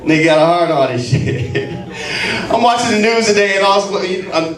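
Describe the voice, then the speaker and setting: Man in his 40s doing crude mocking standup, highish voice, echoey club, mic far off. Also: expressive, normal speed, a bit bright. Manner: brash, profane, mocking. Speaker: stand-up comedian. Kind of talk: stand-up routine. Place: comedy club stage.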